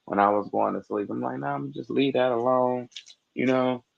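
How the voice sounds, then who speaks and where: A man calling in to a live chat, telling a story in a low-key, halting way. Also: creaky. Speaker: caller. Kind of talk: casual storytelling. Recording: dull lo-fi call audio.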